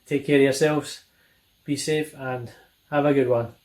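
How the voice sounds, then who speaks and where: A man's voice: mid-range voice, fairly even intonation, unhurried, a little mellow, poor audio. A man sending in a recorded question to a podcast, signing off in a friendly, chatty way.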